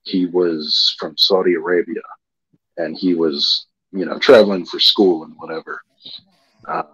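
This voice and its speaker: A man's voice: low-pitched, fairly bright tone, breathy edge, no echo, dull audio. A man on a podcast panel chatting casually, stammering and cursing as he tells stories. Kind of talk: casual chat.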